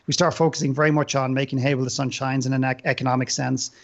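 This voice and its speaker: A man's voice: mid-range voice, flat delivery, very fast, gravelly, highs cut off. An Irish man, a podcast guest, speaking earnestly and inspirationally, often repeating words as he builds a point. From Ireland. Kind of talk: inspirational interview talk.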